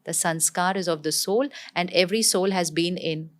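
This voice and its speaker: A woman speaking in a calm, measured way, like a teacher guiding a student. Her voice sits a little low, and she repeats key phrases for emphasis. She talks through ideas patiently in an interview. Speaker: spiritual teacher. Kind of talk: explaining in an interview.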